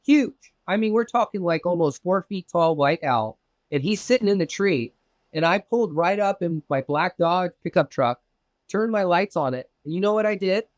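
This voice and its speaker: A man from Southern California spins a personal story for an interviewer, loose and profane, leaping up in pitch whenever he acts out what someone said. His voice sits a little high, and the recording is dry and close with no room sound. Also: normal speed, no room sound. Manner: animated, profane, acts out quoted exchanges with big pitch jumps. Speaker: interview guest recounting a UFO experience. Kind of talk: casual storytelling.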